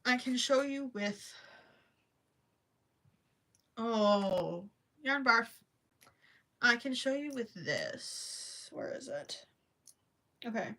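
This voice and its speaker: Bright-voiced young woman crochet streamer. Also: on the high side, animated, extremely slow, long pauses. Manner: chatty, apologetic, giggly, thinks aloud. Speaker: crochet livestream host. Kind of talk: casual livestream chat and crochet demo.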